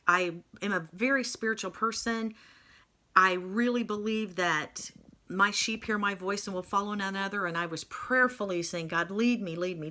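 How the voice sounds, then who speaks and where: A woman's voice: mid-range voice, pushed and bright. A woman casually telling her own story to camera at home, chatty with self-mocking humor.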